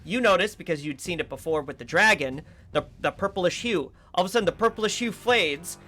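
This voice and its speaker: Male GM, high bright voice, casual rambling narration, faint music bed. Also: brisk. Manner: relaxed, filler-heavy narration. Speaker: game master. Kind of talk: narrating a tabletop game.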